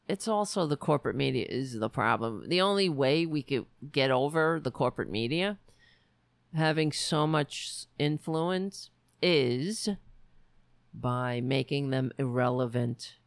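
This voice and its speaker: Raspy woman ranting on politics. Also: sits low, dry recording. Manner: emphatic, repetitive, restarts mid-sentence. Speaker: show host. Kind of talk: political commentary monologue. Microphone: home computer setup.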